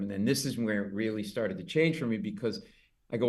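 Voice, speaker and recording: A middle-aged man spinning a comic anecdote in a conversation. He tells it briskly and jumps into loud, high-pitched voices whenever he quotes someone. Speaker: comedian guest. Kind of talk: storytelling in an interview.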